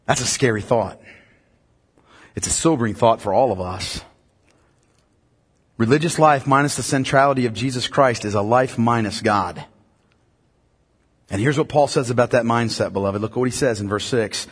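A man preaching a sermon as pastor, emphatic and building to loud, pressing peaks. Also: medium pitch, normal speed, long pauses, slightly rough, in a large hall.

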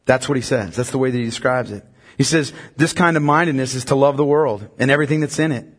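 A man preaching a sermon as pastor, emphatic and building to loud, pressing peaks. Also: mid-range voice, quick pace, breathy edge, long reverb tail.

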